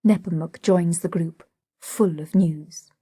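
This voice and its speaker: Slow, breathy woman narrating a play. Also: lowish voice, no echo. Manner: reads the stage directions calmly. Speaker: audiobook narrator.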